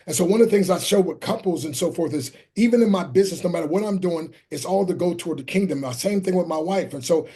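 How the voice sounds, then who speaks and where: Middle-aged male guest, preacher-style cadence, slightly high voice with a husky edge. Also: fast, few pauses, dark tone. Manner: fervent, quotes scripture, calls the host "my friend". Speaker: guest, motivational speaker. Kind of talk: preaching-style interview talk.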